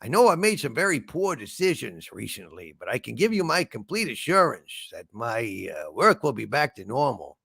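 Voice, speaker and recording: A man voicing a male spaceship computer as a meandering, polite detective, gravelly and husky, tacking "sir" onto his lines. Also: medium pitch, huge pitch swings, moderate pace, hardly any pauses, bright, forceful tone, dry recording, studio quality, exaggerated voice. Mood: pleading. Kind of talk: comedy impression sketch.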